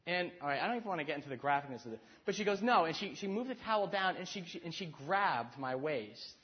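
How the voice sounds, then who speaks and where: A man's voice: fairly high pitch, expressive, fast, muffled recording. A man in his thirties giving a heartfelt talk on marriage, earnest and self-deprecating, stumbling into restarts. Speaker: speaker to married couples.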